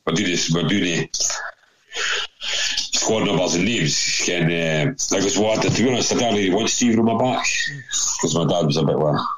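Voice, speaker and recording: Very deep-voiced Scottish man, sweary storyteller. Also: moderate pace, crowd noise, low-quality recording. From Scotland. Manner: swears freely, voices others in his stories. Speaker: former footballer telling stories. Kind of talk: casual anecdote in a podcast chat.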